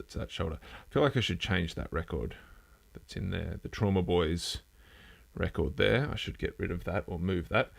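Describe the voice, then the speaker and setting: Man, fairly low voice, live-stream host, casual news chat, rambling, self-deprecating. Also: creaky. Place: home streaming setup with a turntable.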